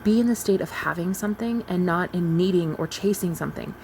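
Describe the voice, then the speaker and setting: Her voice on the low side and a bit mellow, a manifestation coach in her thirties talks slightly fast with vocal fry, directly and earnestly addressing viewers in a casual spiritual vlog. The recording is low quality, with some hiss or hum.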